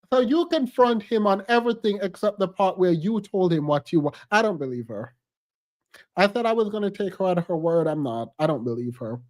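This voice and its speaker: A man hosting a reaction commentary, sarcastic and incredulous, often breaking into laughter. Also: sits high. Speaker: host.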